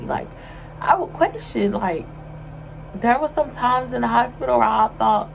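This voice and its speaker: A woman's voice: a little high, measured pace, gravelly, slight background noise, poor audio. A young woman talking casually to her vlog audience in an emotional, sometimes tearful way, with many fillers. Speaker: vlogger.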